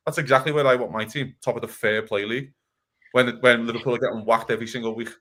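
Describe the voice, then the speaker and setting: A man ranting heatedly about football on a casual podcast, swearing and talking fast. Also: mid-range voice, fairly even intonation, fairly bright tone. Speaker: podcast co-host.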